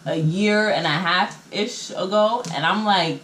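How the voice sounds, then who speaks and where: A woman's voice: medium pitch, unhurried, few pauses, fairly bright tone, slight background noise. Chatty young woman telling a story, roomy sound. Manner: chatty, slangy storytelling that acts out what people said. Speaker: vlogger telling a story time. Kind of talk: casual storytime chat to camera. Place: in her home. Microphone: camera mic.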